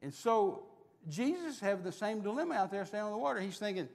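Folksy storytelling preacher, high for a man, long hall reverb. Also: big pitch swings, brisk, gravelly. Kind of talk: storytelling sermon.

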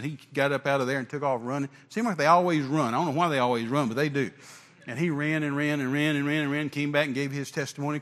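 Older evangelist preaching in a hall. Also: male voice, a little high, fairly bright tone. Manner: emphatic, repetitive, stammering restarts. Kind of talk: sermon storytelling. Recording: long reverb of a hall.

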